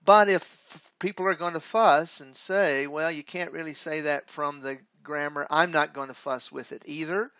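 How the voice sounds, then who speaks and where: A man teaching Greek grammar in a halting, deliberate way, with frequent filler pauses. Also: fairly high pitch, steady tone, sharp tone, dry recording. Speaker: Greek professor. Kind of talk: grammar lecture. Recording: dull lo-fi dry recording.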